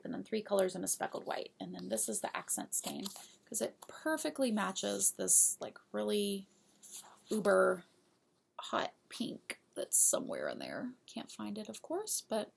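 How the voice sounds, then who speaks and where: A woman hosts her knitting show in a relaxed, unhurried way, chatting to viewers like friends. Her voice is strongly gravelly with heavy fry and a husky edge. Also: medium pitch. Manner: chatty, giggly, talks straight to viewers. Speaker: knitting podcast host. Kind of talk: casual show-and-tell of yarn purchases.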